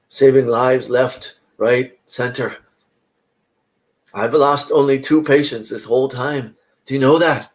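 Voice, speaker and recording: A man's voice: medium pitch, natural voice. A man playing a weary, earnest country doctor. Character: a weary small-town doctor, earnest and dutiful. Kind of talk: solo play reading.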